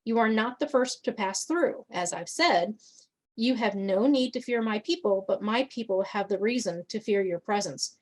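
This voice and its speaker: A woman's voice: mid-range voice, moderate pace, lightly acted. Stern male guardian, grave warnings, a woman reads him. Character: stern male protector of his people.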